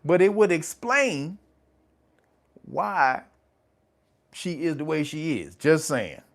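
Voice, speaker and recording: A man's voice: on the high side, expressive, slow, gravelly. A man hosting his own channel, giving casual, profane commentary and laughing often as he tells stories. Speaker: channel host.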